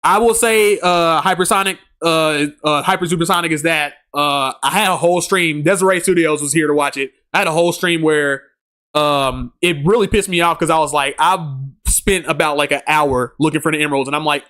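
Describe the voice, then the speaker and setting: A man's voice: fairly high pitch, a little fast, bright, forceful tone. Laid-back slangy male streamer. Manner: laid-back slangy talk, laughs often. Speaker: streamer reading chat. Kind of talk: casual live-stream chat.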